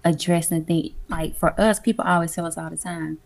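A woman guest in a casual interview, telling stories in an animated, emphatic way, laughing often and swearing freely. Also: fairly low pitch, a little fast. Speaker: guest, community music event organizer. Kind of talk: casual conversational storytelling.

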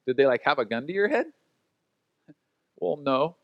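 A man's voice: mid-range voice, very animated, normal speed, no echo, dull audio. A man preaching as a pastor in a casual, conversational way, acting out quotes and laughing at his own stories. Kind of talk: sermon.

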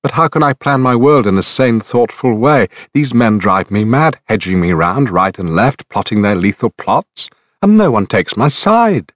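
A man reading the lines of a troubled, frustrated young prince in an earnest, hurried way. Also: mid-range voice, lively intonation, dry recording, clean studio sound, close to an everyday voice.

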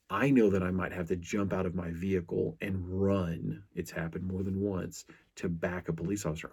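A man's voice: sits low, vocal fry, a little mellow, slightly rough. A middle-aged man hosting a podcast, telling stories in an earnest, casual way with frequent restarts. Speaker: podcast host.

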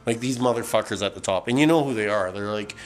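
A man's voice: lowish voice, quick pace. A middle-aged man from Canada hosting a podcast, ranting casually with lots of swearing, fillers and restarts, a bit tipsy from beer. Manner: profane, rambling, many fillers and restarts. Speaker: podcast host.

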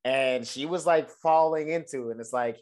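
A man co-hosting a podcast in casual chat, blunt and animated, swearing freely as he rants. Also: medium pitch, normal speed. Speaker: podcast co-host.

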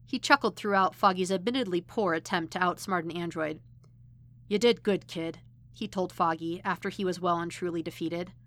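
A woman narrating a fan fiction story in an expressive, lively reading. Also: fairly low pitch, fairly quick, hardly any pauses. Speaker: podfic reader.

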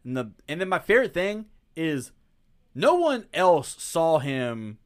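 A man talking casually on a podcast with a smooth, resonant voice. He recaps a movie in loose, swearing chat and jumps into animated quotes of the characters. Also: a little high, a little slow. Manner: animated retelling with acted quotes, frequent profanity. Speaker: podcast co-host.

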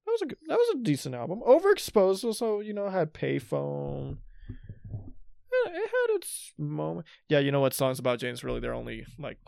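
A man's voice: on the high side, wildly swooping pitch, moderate pace, vocal fry, darkish tone, no echo, studio quality. A man in his twenties co-hosting a podcast, chatting casually and thinking aloud in a rambling way. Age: 20s. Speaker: podcast co-host. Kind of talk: casual chat.

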